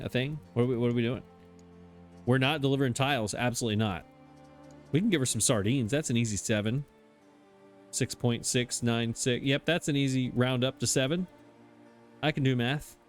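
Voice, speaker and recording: Guy rambling thru his city builder, laughs at himself a lot, mid pitch, soft game music under him. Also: brisk, long pauses. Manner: chatty, self-mocking, laughs often. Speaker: let's play host. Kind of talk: casual gameplay commentary.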